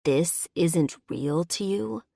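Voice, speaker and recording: A woman's voice: lively intonation, takes it slowly, gravelly, mellow, no room sound, clean studio sound, heavily acted. A woman voicing a possessive werebear man. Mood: fierce. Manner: low, commanding, teasing. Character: big possessive male werebear lover.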